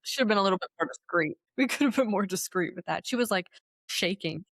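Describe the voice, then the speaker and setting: A woman co-hosting a podcast keeps the conversation casual, swearing, laughing often, and acting out quotes in an animated, profane way. Her medium-pitched voice is brisk, with clean studio sound and no echo.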